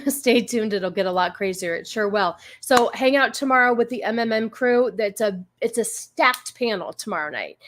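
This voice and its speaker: A woman hosting a casual livestream, chatty and rambling with many fillers. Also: a little high. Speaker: livestream host.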